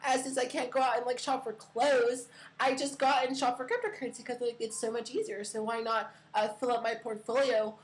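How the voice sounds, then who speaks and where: A woman's voice: on the high side, little pitch movement, a little fast, rough recording. A woman hosting a casual crypto livestream, chatty and giggly, rambling with lots of fillers. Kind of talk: casual chat.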